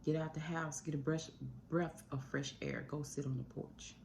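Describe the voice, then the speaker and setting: A woman's voice: sits low, steady tone, normal speed, creaky, darkish tone, a little hiss or hum. A woman talking earnestly into her phone at home about coping with grief, rambling and shifting her pace often. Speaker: YouTube channel host. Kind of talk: emotional talk to camera about grief. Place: at home indoors. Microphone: phone mic.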